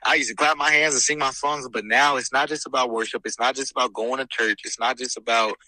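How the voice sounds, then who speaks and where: Earnest young man, bright close voice. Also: medium pitch, fast, no echo, rough recording. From California. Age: young adult. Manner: earnest, animated storytelling with preacher-like emphasis. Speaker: guest, host's son. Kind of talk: casual faith conversation.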